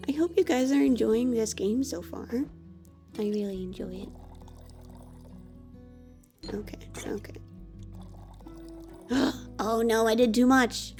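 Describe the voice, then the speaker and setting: A woman's voice: fairly high pitch, unhurried, long pauses, darkish tone, soft background music. A woman streamer chatting casually over a cozy game, gushing with frequent gasps of delight.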